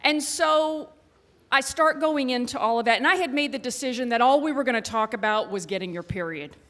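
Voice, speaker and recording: A woman in her thirties telling a funny personal story to a live audience. Her voice sits fairly high, and her delivery is animated and self-mocking with punchy timing. She speaks into a handheld stage microphone. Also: brisk.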